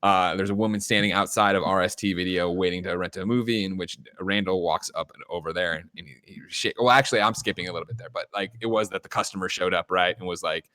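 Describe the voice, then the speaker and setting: A man's voice: deep voice, steady tone, fast, hardly any pauses, bright, forceful tone, dry recording. A man hosting a casual podcast, animatedly retelling a film's scenes with frequent laughs and swearing. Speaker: podcast host. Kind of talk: casual film review chat.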